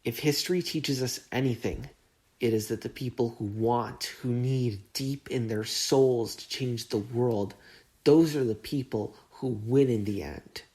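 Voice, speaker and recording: A man's voice: medium pitch, measured pace, warm tone. Earnest man on an impassioned monologue. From Southern California. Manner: earnest, impassioned, repeats and restarts words. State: getting emotional. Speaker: podcast host. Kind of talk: emotional monologue.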